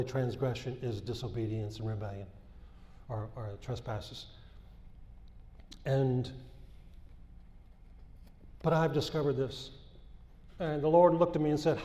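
A man's voice: medium pitch, mellow. A man preaching a sermon and reading scripture with fervor, repeating phrases and rising in bursts. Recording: echoey hall.

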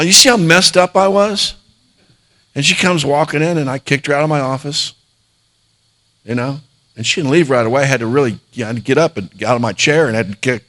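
A man's voice: medium pitch, a bit bright. A middle-aged man, a pastor, preaching a sermon and telling a personal story in an earnest voice, with frequent restarts.

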